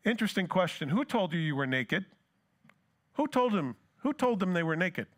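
A man's voice: high-pitched, sing-song, moderate pace, fairly bright tone. A pastor preaching a sermon who asks his congregation rhetorical questions and acts out scripture dialogue.

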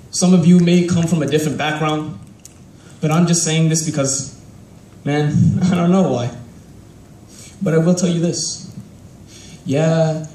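A man's voice: a little high, dark tone, slight background noise. A young man performing a live spoken word piece in a rhythmic, rhyming, heartfelt delivery, standing before a crowd. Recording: echoey room from a distant mic.

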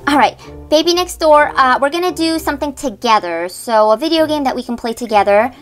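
Woman doing bossy teen babysitter sister for doll play, high and bouncy. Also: animated, brisk, soft background music. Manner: exasperated, sing-song, scolding. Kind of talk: toy doll role-play.

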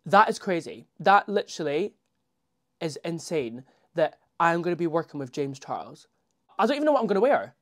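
A man who performs as a drag queen, vlogging casually to a handheld phone camera, chatty and excitable and full of "literally" and "um". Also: a little high, normal speed.

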